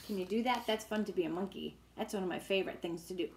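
A woman's voice: mid-range voice, quick pace, vocal fry, few pauses, a little hiss or hum. A woman working as a children's librarian, reading a picture book aloud and making animal sounds for young listeners. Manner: encouraging, talks to young listeners.

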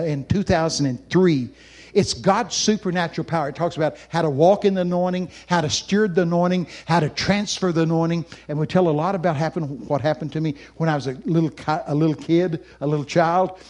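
An older man, preaching in a folksy way and telling stories, then speaking quietly and personally to people. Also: a little high. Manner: folksy, animated storyteller who then talks softly and personally to listeners. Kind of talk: folksy sermon storytelling.

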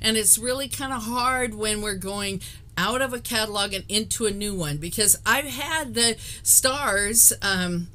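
A woman's voice: medium pitch, a little slow, sharp tone, a little hiss or hum. A woman hosting a live craft stream, chatting casually with viewers, laughing often and rambling with restarts. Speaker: host of a live card-making stream.

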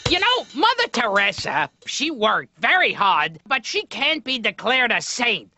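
A man doing a stand-up comedy routine with a loud, abrupt delivery and sudden shouting bursts. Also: very high-pitched, huge pitch swings, a little slow, music in the background. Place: animated series soundtrack. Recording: dry, slightly dull TV audio.

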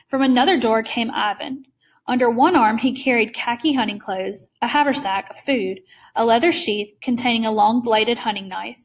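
A woman's voice: a little high, far from the mic. Woman reading a story aloud. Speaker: reader. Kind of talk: read-aloud story narration.

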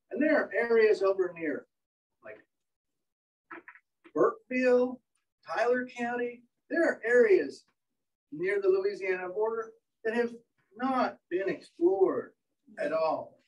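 A high-voiced man lectures a training group, spinning lively, animated stories about beetles. His pitch jumps around a great deal. He is recorded from across an indoor room. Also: takes it slowly, pauses often, far from the mic, muffled recording. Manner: animated storyteller, acts out voices. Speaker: entomologist lecturer.

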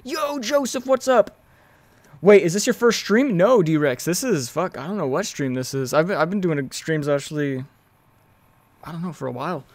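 A young man streaming a video game, chatting casually with viewers, excitable and swearing freely, yelling when the action heats up. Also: fairly high pitch, normal speed, dry recording. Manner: excitable, swears freely, yells during fights. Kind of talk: casual live-stream chat and gameplay commentary.

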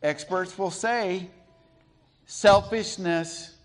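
Middle-aged preacher guy from colorado, fairly high voice, takes it real slow and storytelling in his sermon. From Colorado, USA. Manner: storytelling, slow and deliberate with pauses. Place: church sanctuary.

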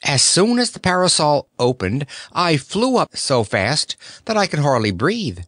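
A man voicing young Dorothy, a kind and earnest girl, in a raised gentle voice. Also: on the high side, very animated, a little slow, dry recording, studio quality, voice pushed up.

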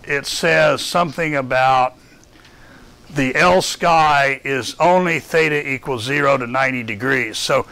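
A man running a lab session, explaining a data file while thinking aloud, halting with many fillers. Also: mid-range voice, creaky, pushed and bright. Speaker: lab instructor. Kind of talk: classroom lab walkthrough.

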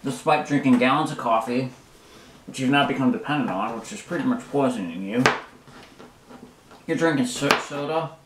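Frustrated guy rambling while cooking breakfast, roomy kitchen, mic kinda far off. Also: medium pitch. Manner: frustrated, rambling, halting with many fillers. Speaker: vlogger. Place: home kitchen. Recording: echoey room, mic far off, loud kitchen noise. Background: dishes, pots, pans and drawers clattering.

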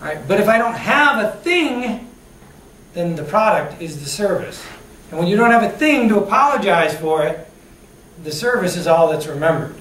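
A man's voice: high voice, sing-song, normal speed, fairly bright tone. A man giving a motivational talk on customer service, telling personal stories and asking the audience questions, recorded from a distance in a room. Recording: echoey room, distant mic, faint hiss.

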